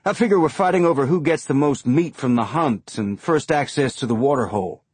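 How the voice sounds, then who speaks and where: A man's voice: medium pitch, lively intonation, a little fast, a little mellow, slightly rough, no room sound, voice pushed up. Man doing a laid-back joking pilot. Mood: easygoing.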